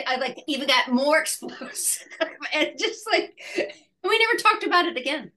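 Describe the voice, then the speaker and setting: A woman in her sixties, an actress being interviewed, telling a story in a halting way with many restarts and laughs. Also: high-pitched, sing-song, pushed and bright. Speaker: actress guest. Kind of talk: casual interview chat.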